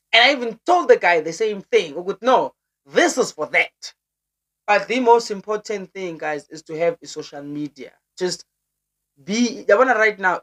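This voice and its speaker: A young woman with a South African accent chatting casually to her viewers as a vlogger, animated and urging, her voice leaping up high. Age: young adult. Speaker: YouTuber. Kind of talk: casual vlog chat to viewers.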